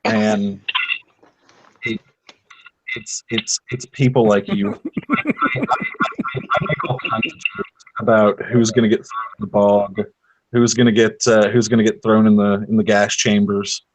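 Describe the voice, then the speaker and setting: A man's voice: on the low side, a little slow, long pauses, a little hiss or hum, rough recording. Rambling man telling stories. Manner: rambling, many restarts, animated storytelling. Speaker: podcast panelist. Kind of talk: casual chat.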